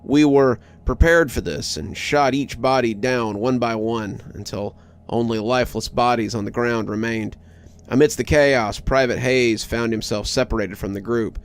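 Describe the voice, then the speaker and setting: A man reading a horror story aloud in a low, hushed scripted narration. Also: fairly even intonation, normal speed.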